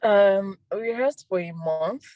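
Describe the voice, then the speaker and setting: A young woman, an actress and filmmaker, giving soft-spoken casual interview answers with frequent laughs. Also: mid-range voice, unhurried, no room sound, poor audio. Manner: soft-spoken, laughs often, repeats words.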